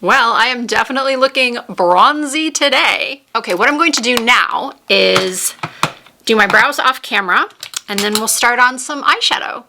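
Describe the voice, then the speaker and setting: A woman's voice: fairly high pitch, animated, moderate pace, creaky, noisy background. A woman chatting casually as she tries new makeup on camera, narrating each step as she goes. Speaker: beauty vlogger. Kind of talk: casual makeup tutorial chat. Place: home room with a window.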